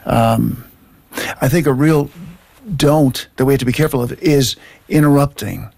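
A man, a guest, earnestly giving parenting advice in a halting way. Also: mid-range voice, creaky, darkish tone. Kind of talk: casual discussion.

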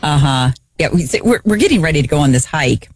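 A woman's voice: low-pitched, animated, fairly quick, no echo. Chatty woman, dry close sound. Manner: chatty, rambling, sarcastic with laughs. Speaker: guest shopper. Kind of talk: casual chat.

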